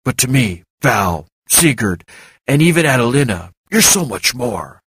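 A man's voice: medium pitch, very animated, unhurried, fairly bright tone, slightly rough, dry recording, heavily acted. A man reading the part of an earnest, intense young man who speaks with insistent care. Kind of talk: audiobook character reading.

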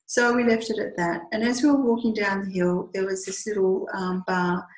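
A woman telling a personal story in a heartfelt, lively conversational way, with small hesitations. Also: mid-range voice, moderate pace. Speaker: storyteller recounting a pilgrimage walk. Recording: echoey room.

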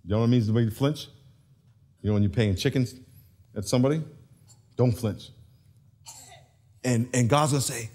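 A man preaching a sermon as pastor, animated and storytelling, chuckling often. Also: mid-range voice, normal speed, pauses often. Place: large church.

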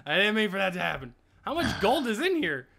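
A young man hosting a casual gaming session, excitable, laughing often and trailing off mid-thought. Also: high-pitched, brisk, vocal fry, slight background noise. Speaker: host.

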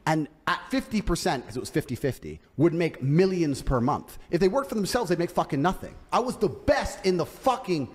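A man's voice: fairly high pitch, very animated, brisk, few pauses, darkish tone, husky, long reverb tail. A man telling a boastful story on a podcast, swearing freely and acting out the quoted lines himself. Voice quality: profane, swaggering.

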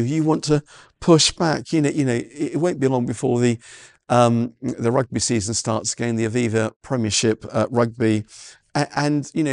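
A man's voice: mid-range voice, no echo, studio quality. A man preaching a sermon, earnest and full of stammered restarts and "you know" fillers. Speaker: pastor.

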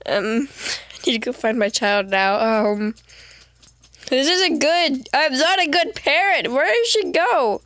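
A woman streaming a video game, chatting to herself in a giggly way and breaking into excited squeals. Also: high voice, unhurried, long pauses, dry recording. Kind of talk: casual let's-play commentary.

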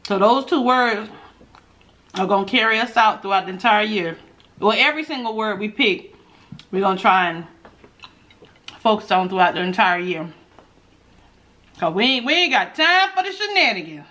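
A woman's voice: mid-range voice, lively intonation, moderate pace, long pauses, bright, forceful tone. A woman vlogger in casual mukbang chat while eating, talking straight to her viewers with playful asides and hums. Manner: chatty, talks straight to viewers as y'all. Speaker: food vlogger.

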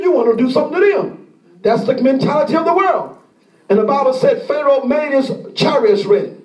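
A man preaching a sermon as pastor, impassioned and often shouting, acting out the pleas of the people he describes. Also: extremely high pitch, lively intonation, brisk, reverberant, distant mic.

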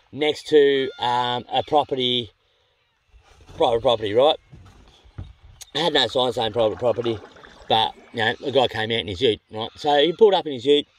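A man's voice: mid-range voice, normal speed, pauses often. An Australian man casually telling a travel story to camera. He rambles and corrects himself as he goes, and he is blunt and sweary. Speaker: vlogger.

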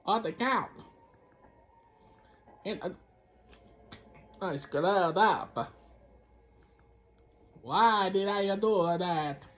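High, slow-talking man doing game commentary. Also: a bit bright. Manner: keeps drifting into a Count Dracula-style voice and scolding himself for it; rambling, self-talk, talks to the game. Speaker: gameplay commentator. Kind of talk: casual let's-play commentary.

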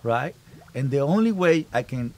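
A man's voice: mid-range voice, animated, moderate pace, darkish tone, a little hiss or hum. Emphatic man talking as a podcast host. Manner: emphatic, repeats phrases while building a point. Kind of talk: casual family podcast chat.

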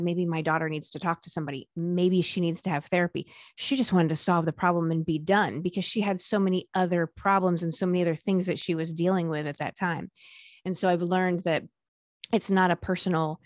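A woman with a fairly low voice speaks frankly and earnestly in a candid interview, often pausing on fillers. The sound is dry and close, with no room echo. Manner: earnest, frank, with casual swearing and frequent fillers.

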